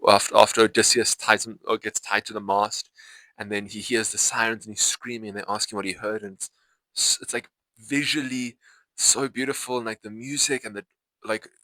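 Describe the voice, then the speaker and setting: A young man talks to camera about a film, his voice low-pitched but bright and forward. He rambles in loose, unscripted sentences, restarting and correcting himself often. The sound is close and dry. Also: fairly even intonation, fairly quick, no room sound, low-quality recording. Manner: rambling, full of fillers and self-corrections. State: itchy eyes. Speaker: vlogger reviewing a film. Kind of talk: casual unscripted talk to camera.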